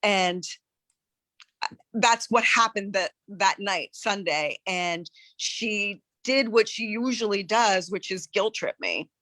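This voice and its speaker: A woman on a live coaching call, talking in an earnest, searching way with many halting restarts. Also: mid-range voice, a bit bright, no echo. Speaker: coaching client.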